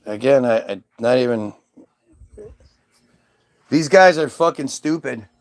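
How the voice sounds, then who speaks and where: A man's voice: mid-range voice, takes it slowly. A man hosting a livestream, rambling and swearing while reading things aloud from his screen. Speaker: livestream host.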